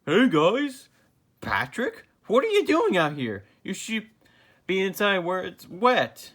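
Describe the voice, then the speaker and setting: A man voicing a cheerful young male sea sponge from a cartoon, in a high squeaky excited voice. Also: unhurried. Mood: eager.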